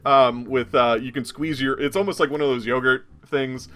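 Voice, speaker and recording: A man's voice: mid-range voice, steady tone, moderate pace, a bit bright. A man running a tabletop role-playing game as game master, rambling with many fillers and frequent laughs.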